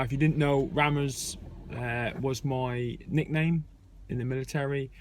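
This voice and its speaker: A young man in a frank, conversational rant, telling a story to his viewers. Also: medium pitch. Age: young adult. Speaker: vlogger. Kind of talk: casual spoken rant. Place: airport terminal.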